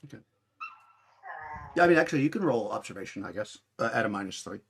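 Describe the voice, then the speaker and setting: A man's voice: on the low side, very animated, fast talker, vocal fry, slight background noise. A man narrating as game master of a tabletop game, talking in a rambling way with many restarts.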